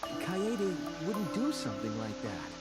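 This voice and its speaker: A young student detective speaks with earnest, steady conviction, his pitch moving expressively. Loud game music plays underneath. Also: slow pace, exaggerated voice, low-quality recording. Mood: determined. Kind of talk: video game dub acting.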